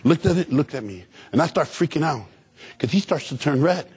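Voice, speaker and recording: A man giving an energetic, humorous motivational speech to students, calling out to the crowd for answers. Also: fairly high pitch, fairly quick, husky. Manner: animated, humorous, call-and-response with audience. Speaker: motivational speaker.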